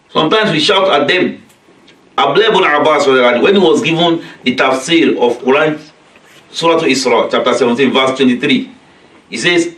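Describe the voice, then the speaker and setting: A man's voice: on the high side, a bit bright. A man giving a religious lesson to a study circle. He recites verses in Arabic, then explains them in plain, repetitive English and acts out the voices he quotes. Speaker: religious teacher leading a weekly study circle. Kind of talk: religious lecture. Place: community centre hall. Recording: echoey hall, voice from far off.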